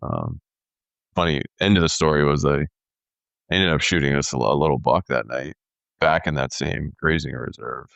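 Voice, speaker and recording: A man in his thirties telling a story in casual podcast chat, animated and peppered with "dude" and "like". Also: a bass voice, normal speed, gravelly, clear, resonant tone, dry recording, highs cut off. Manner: animated storyteller, says "dude" and "like", acts out quoted voices. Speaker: podcast co-host.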